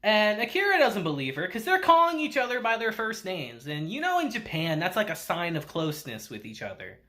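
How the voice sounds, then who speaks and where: A man recapping an anime episode in a loose, chatty way. His voice is bright and very animated, swinging up and down as he laughs along. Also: sits high, a little fast. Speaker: anime reviewer. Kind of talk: casual recap review.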